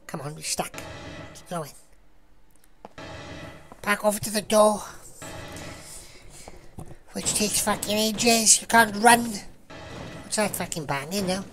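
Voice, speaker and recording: A woman's voice: mid-range voice, takes it slowly, pauses often, fairly bright tone, faint music behind. A woman giving sweary, jumpy commentary over a horror game, laughing at the scares. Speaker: let's play gamer.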